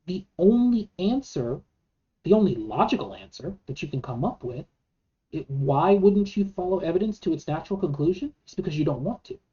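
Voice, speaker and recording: Low-voiced woman arguing earnestly. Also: lively intonation, normal speed, warm tone, muffled recording. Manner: earnest, emphatic, rhetorical questions, frequent restarts. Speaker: vlogger. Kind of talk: argumentative monologue.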